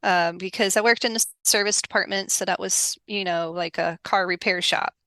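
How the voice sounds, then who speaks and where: A middle-aged woman telling workplace stories as a podcast guest, animated and laughing often, acting out the people she quotes. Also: mid-range voice, moderate pace, no echo. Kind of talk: casual storytelling interview.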